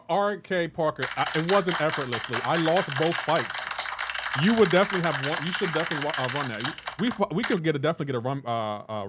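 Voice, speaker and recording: Guy streaming games live, kinda high voice that jumps around a lot, chatty and jokey, reads chat out loud. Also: slight background noise. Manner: joking, teasing. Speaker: game streamer.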